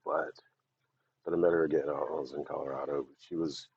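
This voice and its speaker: A man's voice: very deep voice, steady tone, moderate pace, creaky, a little mellow, slightly rough. A man talking in a rambling, blunt monologue, swearing often as he vents. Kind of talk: casual ranting monologue. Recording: dull lo-fi recording.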